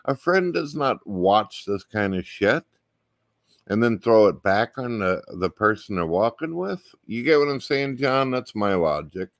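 A man with a low voice speaks bluntly and swears often, lecturing his friend in casual chat. The sound is dry and close, with no room around it. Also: sing-song, unhurried, no room sound. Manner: blunt and profane, lectures the host. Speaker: guest. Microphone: webcam mic on a live stream.

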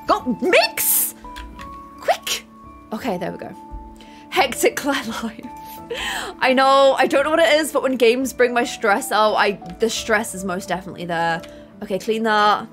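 A young woman streaming a game live, chattering excitably and getting flustered, reading out chat messages between plays. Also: a little high, normal speed, soft background music. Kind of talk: live gameplay commentary.

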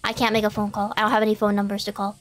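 A woman streaming a driving game, chatting to herself in an excitable, talkative way as she plays. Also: mid-range voice, very fast. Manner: chatty, excitable, talks to herself while playing. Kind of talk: live game commentary.

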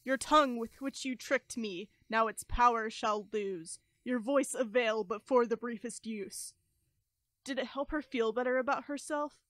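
A woman's voice: a little high, a little slow, a bit bright, no echo. A woman actor playing a taunting woman's voice that accuses a silenced nymph, in an experimental theater monologue. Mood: accusing. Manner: accusing, rising to intense repetition. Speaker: stage actor.

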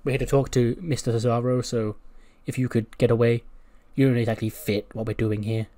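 A man's voice: mid-range voice, little pitch movement, a little fast, warm tone, lightly acted. A man voicing a formal, condescending male wrestler who speaks with stiff politeness. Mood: smug.

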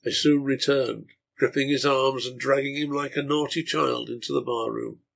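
Gravelly, husky male storyteller. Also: medium pitch, steady tone, normal speed, a bit bright. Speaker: reader of a translated serial novel. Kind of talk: reading a novel aloud.

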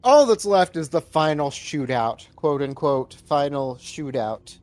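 A man co-hosting a casual beer-and-movie podcast, animated and quoting lines in put-on voices. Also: on the high side, measured pace, dry recording. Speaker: podcast co-host.

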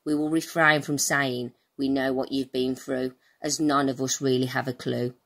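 Low-voiced Birmingham woman reading a poem. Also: level tone, moderate pace, a bit bright. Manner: earnest, addressing pupils directly. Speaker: school staff member. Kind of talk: reading her own rhyming poem.

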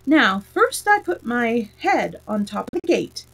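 Woman doing a pompous White Knight, high and slow. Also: very animated, vocal fry, fairly bright tone, heavily acted, rough recording. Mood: explaining. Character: rambling eccentric old male knight inventor.

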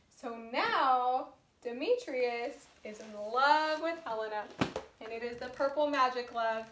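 A woman's voice: on the high side, expressive, slow, a bit bright, slight background noise. A woman teacher reading a storybook aloud to children and explaining it in a patient, chatty way. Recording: echoey room.

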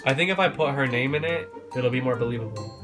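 A casual YouTuber man chats loosely to camera at a mid pitch, rambling and giggling through his stories. Music plays clearly underneath his voice throughout. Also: animated, fast talker. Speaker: YouTuber host. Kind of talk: casual vlog chat.

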